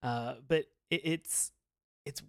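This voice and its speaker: A man co-hosting a podcast in casual chat, rambling and animated, laughing often. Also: on the high side, takes it slowly, clean tone, no echo, studio quality. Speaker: podcast co-host.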